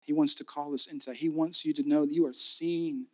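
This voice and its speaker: Bright-voiced male pastor preaching. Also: fairly high pitch, fairly even intonation, a little fast. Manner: rising to fervent repeated declarations; drops to soft intimate tone. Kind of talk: sermon.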